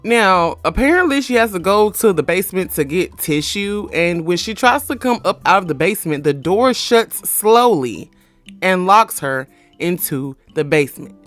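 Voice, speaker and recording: A woman retelling a horror film plot in a casual, animated, slangy and profane way, dropping into quick character voices. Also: on the low side, no echo, faint music behind. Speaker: movie review vlogger. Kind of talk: casual movie recap.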